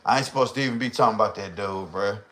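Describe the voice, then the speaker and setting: A man with a fairly low voice races through a casual rant on his livestream, swearing and using heavy slang. As an animated storyteller, he acts out the voices of the people in his tales.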